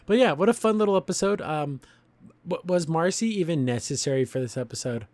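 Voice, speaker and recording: A man's voice: a little high, fairly quick, darkish tone, no echo. A man hosting a podcast, retelling a cartoon episode in a casual, rambling way and chuckling often. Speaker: podcast host reviewing a cartoon. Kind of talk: casual review commentary.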